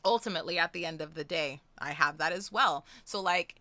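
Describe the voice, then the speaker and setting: Bright-voiced excitable young woman streamer. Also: on the low side, a little fast, no echo. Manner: excitable, swears freely, swings from chatty to squealing. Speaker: streamer hosting a charity stream. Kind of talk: casual live-stream chat.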